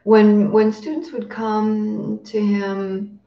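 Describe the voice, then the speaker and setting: A woman giving a Buddhist dharma talk as a meditation teacher, speaking slowly and reflectively with pauses, fillers and some throat-clearing. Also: medium pitch, little pitch movement. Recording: roomy, distant, dull lo-fi recording.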